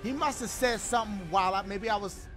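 A man's voice: high-pitched, brisk, music in the background. A man streaming a game, chatting casually and reading donations in loose slang with joking asides. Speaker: gaming streamer.

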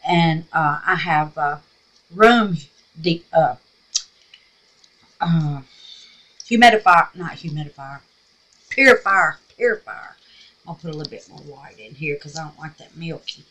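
A woman's voice: sits low, fairly even intonation, a little slow, long pauses, fairly bright tone. A Southern woman with a scratchy voice chatting casually through a crafting tutorial at home, talking to herself and calling viewers babies. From Mississippi, USA. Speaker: craft vlogger. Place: home craft room with air purifier.

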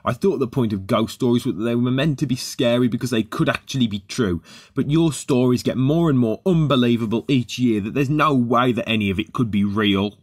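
A man's voice: mid-range voice, a little fast, no echo, clean studio sound, natural voice. A man doing a panicky little steam engine. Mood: snappy. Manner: whimpering, frantic cries.

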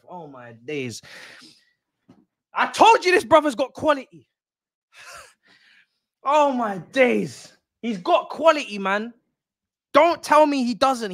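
A young man reacting live during a football watch-along, excitable and slangy, swearing and repeating himself. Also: sits high, no room sound, clean studio sound.

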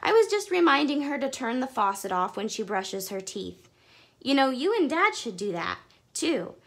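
A woman reads a children's storybook at a moderate pace, voicing an eager, chatty young schoolboy. Her high, fairly bright voice is pitched above her natural range, very animated and heavily acted.

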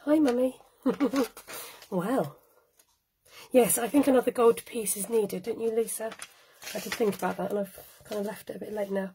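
A woman's voice: a little high, normal speed, long pauses, dark tone, a little hiss or hum, poor audio. A chatty woman giving a live cardmaking tutorial, laughing often and greeting viewers by name as she works. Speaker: cardmaking demonstrator. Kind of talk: live-streamed craft tutorial.

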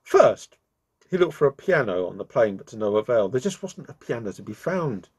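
A man hosting his own channel, reading a children's story aloud with expressive delivery. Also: mid-range voice, brisk, husky.

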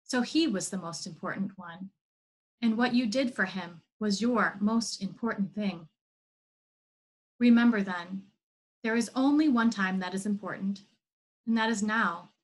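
A woman reading as a calm wise teacher. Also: mid-range voice, measured pace, long pauses, close to an everyday voice.

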